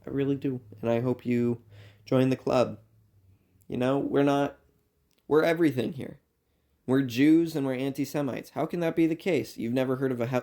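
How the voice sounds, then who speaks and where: A young man, a university student, delivering a rambling comedic monologue in an earnest, meandering way. He swings between loud outbursts and quiet asides. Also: mid-range voice.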